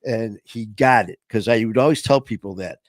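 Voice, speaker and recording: A man's voice: fairly low pitch, moderate pace, dry recording. A middle-aged man telling a long story in a casual chat, rambling with many fillers. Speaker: podcast host and former trainer.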